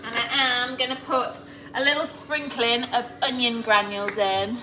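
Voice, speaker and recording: A woman's voice: on the high side, fairly even intonation, moderate pace, recorded from a distance, noisy background. A woman chatting to live viewers while cooking at home, laughing often. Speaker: cooking vlogger. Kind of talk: live-stream cooking chat. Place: home kitchen. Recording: echoey kitchen, clattering pots.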